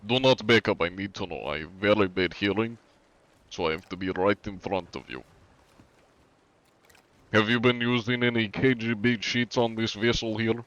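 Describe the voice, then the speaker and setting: A man's voice: on the low side, moderate pace, hardly any pauses, no room sound, muffled recording, natural voice. A man putting on a thick, stereotypical Russian accent, voicing a big sweaty KGB interrogator during an in-game role-play on a live stream. He drops articles as he talks. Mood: interrogating.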